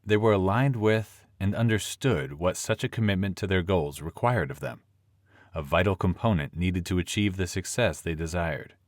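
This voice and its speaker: Deep-voiced male audiobook narrator. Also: lively intonation, normal speed, dry recording, studio quality.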